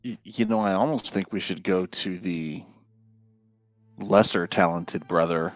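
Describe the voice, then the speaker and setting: A man playing a tabletop game, offering plans in a calm, measured way. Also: low voice, no echo, faint music behind. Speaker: player. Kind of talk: casual tabletop game chat.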